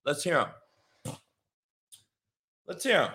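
Loud, brash male live-stream host. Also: fairly high pitch, lively intonation, moderate pace. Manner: profane, confrontational, mocking, shouts at chat.

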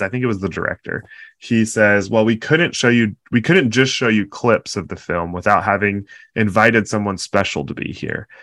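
A man's voice: fairly low pitch, fairly bright tone, no echo. A man co-hosting a casual chat, recounting a moving moment with emotional enthusiasm. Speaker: podcast co-host.

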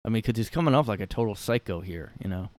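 A man's voice: fairly low pitch, lively intonation, fast, darkish tone, no echo. A man hosting a podcast from his room, rambling through mocking commentary on a clip, full of fillers and asides. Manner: mocking, incredulous. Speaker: podcast host. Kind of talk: casual commentary reacting to clips.

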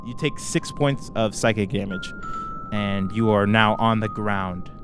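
Male game master, low-ish, halting narration, faint music underneath. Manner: hesitant, full of fillers.

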